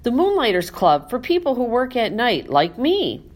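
A woman's voice: on the high side, sing-song, moderate pace. A woman voicing an easygoing adult male night janitor in a storybook reading, talking casually. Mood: curious.

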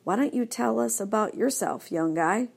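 A woman doing a gentle motherly female dog. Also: mid-range voice, moderate pace, creaky. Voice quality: gentle, soft.

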